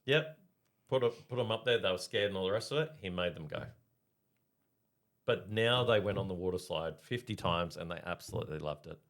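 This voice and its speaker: With a low voice and a slightly fast pace, this middle-aged man co-hosts a podcast, spinning animated stories during casual conversation and regularly checking in with his listeners.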